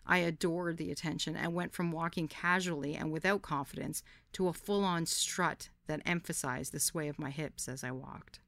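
A woman hosting a podcast reads her own memoir in a candid, lively storytelling manner. Her voice sits low, and the recording is dry and close with no room sound. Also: vocal fry, no echo. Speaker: podcast host. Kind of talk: first-person memoir narration.

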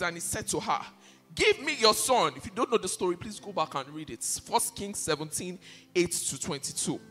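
A man's voice: on the high side, fairly bright tone. A male pastor preaching an impassioned sermon, repeating key phrases for emphasis. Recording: reverberant hall with faint music behind.

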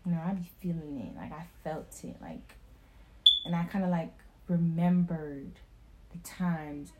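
A woman's voice: deep voice, a little slow, heavy background noise. A young woman in casual chat, talking with strong feeling, swearing and filling her speech with "like". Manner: emotional, animated, swearing, lots of "like" fillers.

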